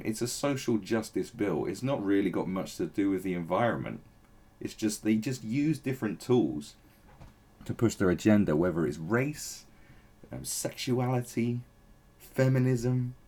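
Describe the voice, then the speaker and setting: A man with a fairly low, husky voice delivers a blunt, profane political rant. His pitch swings widely as he talks, and his tone stays sarcastic and opinionated throughout. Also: a little mellow. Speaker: political commentator. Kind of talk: ranting opinion commentary.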